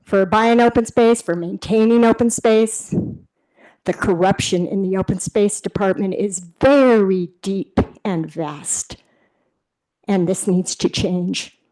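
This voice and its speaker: A woman's voice: mid-range voice, slow, mellow, low-quality recording. A woman giving a combative public comment at a city board meeting. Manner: indignant, combative.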